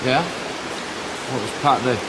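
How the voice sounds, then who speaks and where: A man's voice: mid-range voice, animated, slow, noisy background. A man playing a soap opera character who sounds guarded and dry. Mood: wary. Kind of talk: TV drama acting.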